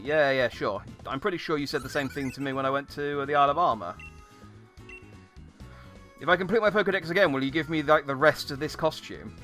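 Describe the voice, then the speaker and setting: A man's voice: fairly high pitch, a little fast, sharp tone, faint music behind. A man giving casual, jokey let's-play commentary, rambling with many fillers. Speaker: game streamer.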